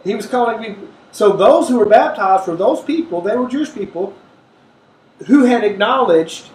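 Animated high-voiced man teaching scripture. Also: moderate pace, echoey room, distant mic, slight background noise. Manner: animated, acts out quoted voices. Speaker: Bible teacher. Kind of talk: conversational Bible study.

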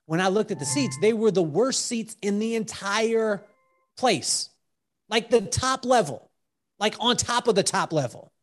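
A man telling animated stories as a podcast guest, acting out what people said and breaking into song, with halting restarts when he explains a point. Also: high-pitched. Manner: lively storyteller who acts out quotes and sings bits. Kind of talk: animated storytelling in conversation.

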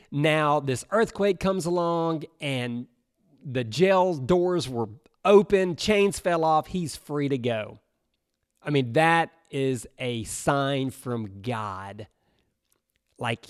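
A man giving an animated, jokey Bible lesson as a preacher, acting out what people might say. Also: no echo, studio quality. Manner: expressive, jokey, acts out quotes with big pitch jumps.

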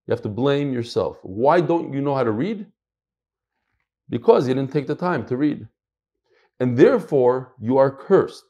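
Animated American rabbi teaching. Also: male voice, fairly high pitch. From United States. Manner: animated, emphatic, drops in Hebrew and Yiddish terms. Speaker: Torah teacher. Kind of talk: Talmud class lecture.

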